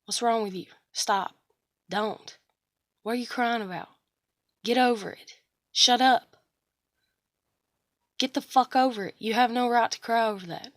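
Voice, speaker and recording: A woman's voice: on the high side, fairly even intonation, unhurried, long pauses, dry recording, clean studio sound, voice pushed up, close to an everyday voice. A woman voicing a harsh, contemptuous family member who barks short angry orders. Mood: scolding. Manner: barking short angry commands.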